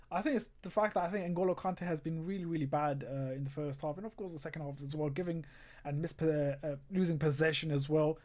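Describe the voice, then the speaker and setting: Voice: mid-range voice, mellow. A livestream host in casual live commentary, exasperated and sarcastic, often breaking into laughter and reading viewer comments aloud. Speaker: livestream host of a football watchalong.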